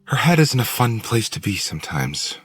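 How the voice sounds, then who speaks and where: A man's voice: on the low side, big pitch swings, moderate pace, slightly rough, no echo, soft background music, voice pushed up. A man reading an audiobook and voicing a blunt, curious woman who possesses another's body, lifting his voice to play her. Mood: musing.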